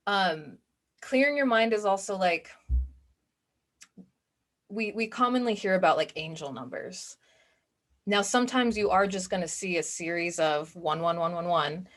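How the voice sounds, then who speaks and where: A woman with a slightly low voice teaches a recorded masterclass as a coach. She talks casually and chattily, with frequent "like" fillers. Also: a little slow. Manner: chatty, informal, many "like" fillers. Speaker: business and spiritual coach.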